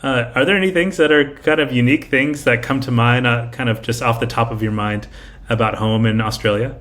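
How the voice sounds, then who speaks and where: A man's voice: mid-range voice, fairly even intonation, fairly quick, a bit bright. A man hosting a podcast interview, enthusiastic and full of fillers like "like" and "you know". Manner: enthusiastic, filler-heavy, says "like" often. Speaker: podcast host. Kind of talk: casual interview chat.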